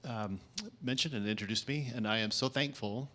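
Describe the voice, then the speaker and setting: A man, an invited speaker, opens his town hall speech graciously and haltingly. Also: lowish voice, fairly bright tone. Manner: gracious and halting, many fillers. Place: conference event.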